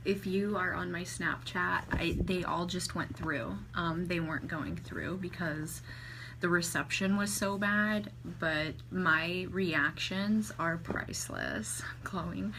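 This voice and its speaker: An excitable woman in her thirties chats with her livestream viewers, her throat worn from singing. Her voice is bright and low-pitched, and she talks slowly. It is recorded on a phone at arm's length, with faint ambient noise behind her. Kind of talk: casual livestream chat. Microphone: phone held at arm's length.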